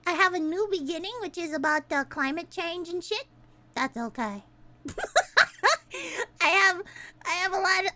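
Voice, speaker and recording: A young woman streamer chatting casually, excitable and swearing, ranting and laughing a lot. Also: very high voice.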